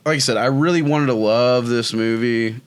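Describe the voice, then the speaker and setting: A man co-hosting a casual movie review chat, laid-back and halting, often agreeing. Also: mid-range voice, clean tone. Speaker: podcast co-host.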